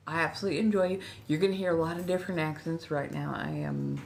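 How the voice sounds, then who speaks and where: A woman's voice: low-pitched, quick pace, vocal fry, hardly any pauses, a little mellow, slight background noise. A woman in her forties with a Californian accent, chatting and rambling on a casual livestream while slightly tipsy at a friend's house. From Southern California. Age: 40s. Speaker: livestream host.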